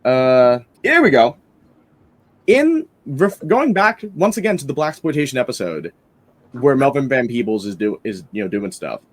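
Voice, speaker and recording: A man's voice: mid-range voice, very animated, moderate pace. A man hosting a casual film-review podcast, rambling enthusiastically with lots of fillers and restarts.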